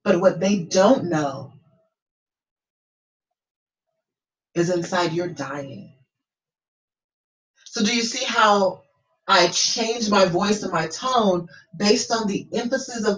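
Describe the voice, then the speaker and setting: A woman's voice: medium pitch, fairly bright tone. A woman coaching students in an encouraging way, often checking in with "okay?". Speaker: business coach. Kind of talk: coaching lesson. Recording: roomy, distant, dull lo-fi sound.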